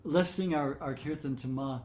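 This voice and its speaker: An older man leading a devotional gathering, telling stories in a gentle, unhurried way with many fillers and restarts. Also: fairly high pitch, roomy sound. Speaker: satsang leader. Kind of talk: devotional storytelling talk.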